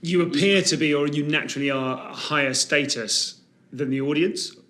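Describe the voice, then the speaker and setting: A man's voice: on the high side, normal speed, sharp tone. A man hosting a podcast, asking curious, prompting questions of his guest. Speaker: podcast host. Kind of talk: interviewing.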